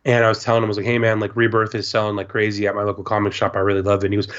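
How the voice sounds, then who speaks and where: A man's voice: lowish voice, rapid-fire. A man co-hosting a podcast, telling stories in a loose, rambling casual chat and swearing now and then. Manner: rambling storyteller, swears, does animated voices for others. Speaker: podcast co-host. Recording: slightly dull lo-fi sound.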